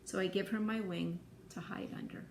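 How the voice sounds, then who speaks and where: A woman reading a novel aloud in plain, even storytelling. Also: mid-range voice, moderate pace, vocal fry, reverberant, a little hiss or hum. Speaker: audiobook reader.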